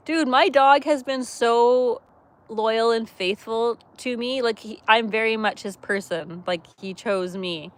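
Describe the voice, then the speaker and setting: A woman hosting a casual livestream from her camper van, chatty and quick to laugh as she talks with viewers. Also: a little high. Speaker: livestream host. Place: camper van by a wood stove.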